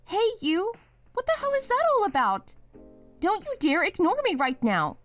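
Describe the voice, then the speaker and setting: A woman's voice: sits high, very animated, normal speed, soft background music. A woman playing a young wife in a dramatized story, pleading and then accusing her partner.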